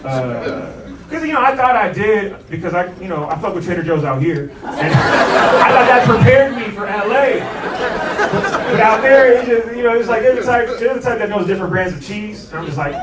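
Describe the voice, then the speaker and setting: A young man works a comedy club stage in a high, slangy voice, loose and brash, swearing freely. The sound is roomy and picked up a little from a distance. Loud laughter from a packed crowd rolls in behind him. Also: animated, normal speed. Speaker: stand-up comedian. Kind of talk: stand-up comedy set. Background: audience laughter.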